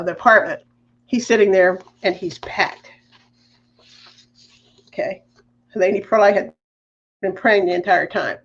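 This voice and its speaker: A woman on a podcast, telling a personal faith story in a lively, emotional way. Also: medium pitch, dull audio. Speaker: podcast guest.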